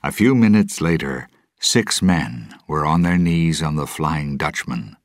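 Brief: deep-voiced male narrator, slow and expressive storybook reading. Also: no room sound, clean studio sound.

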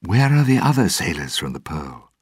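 A man's voice: low voice, very animated, normal speed, a little mellow, slightly rough, no room sound, clean studio sound, exaggerated voice. A man voicing an anxious young man who pleads urgently for help. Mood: pleading.

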